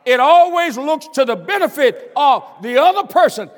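An older man preaching a sermon, stammering and repeating himself, swinging between shouts and asides and asking the congregation "am I right about it.". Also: very high-pitched, lively intonation, moderate pace. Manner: stammers and repeats words, bursts into shouts and laughter. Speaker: pastor. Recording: long hall reverb.

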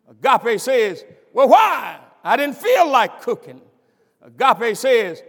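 An older man preaching a sermon, stammering and repeating himself, swinging between shouts and asides and asking the congregation "am I right about it.". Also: very high voice, sing-song, takes it slowly, breathy edge. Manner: stammers and repeats words, bursts into shouts and laughter. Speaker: pastor. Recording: long hall reverb.

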